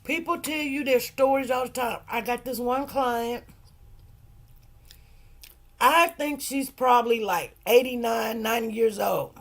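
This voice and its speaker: A woman's voice: a little high, unhurried. A middle-aged woman hosting a casual livestream, telling stories and preaching in an emphatic, heartfelt way. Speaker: livestream host.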